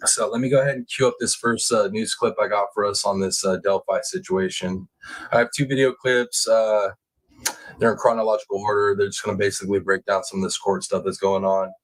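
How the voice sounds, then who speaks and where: A man hosting a casual livestream from home, chatting with viewers and reading their comments in a relaxed, drawling way that jumps higher when he gets excited. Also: fairly quick, poor audio. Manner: laid-back, chatty, drawling out words. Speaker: livestream host reading chat.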